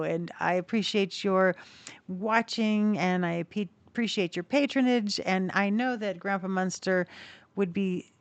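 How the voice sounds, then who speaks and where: A woman hosting a casual tarot video, chatting to camera and cooing at her pet cockatiel in high baby talk. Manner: chatty, with restarts and soft laughs. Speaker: tarot reader and channel host.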